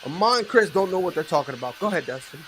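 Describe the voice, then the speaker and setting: A man hosting a sports talk show, joking loudly and acting out little scenes as he argues. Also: a little high, lively intonation, rapid-fire, a little hiss or hum. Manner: loud, joking, acts out voices. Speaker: show host.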